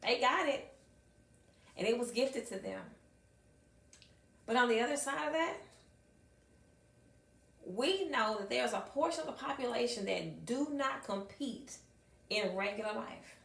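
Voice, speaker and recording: A middle-aged woman, a high school math teacher, telling stories to an audience with emphatic repetition and acted-out dialogue. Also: expressive, unhurried, gravelly, pauses often, a bit bright. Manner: emphatic, acts out dialogue, repeats phrases for effect. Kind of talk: storytelling talk to an audience. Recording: echoey room, mic at a distance.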